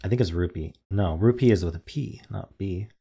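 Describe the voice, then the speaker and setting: A young man talks himself through daily word puzzles, muttering letter guesses under his breath. His voice sits a little low, and he slips into mock-dramatic groans at his own blunders. Keyboard typing clicks along behind him. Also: brisk, creaky, warm tone, husky. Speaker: word game streamer. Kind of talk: casual thinking aloud while playing.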